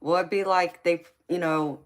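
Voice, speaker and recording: A woman's voice: on the low side, fairly even intonation, moderate pace. A woman hosting a casual livestream, chatting with her viewers, laughing often and calling them honey and sweetheart. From United States. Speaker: livestream host.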